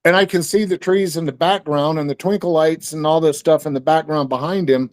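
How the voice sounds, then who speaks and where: A man's voice: a little high, fairly even intonation, a little fast, no echo. A man telling a story in casual conversation, rambling, with many fillers and restarts. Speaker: guest.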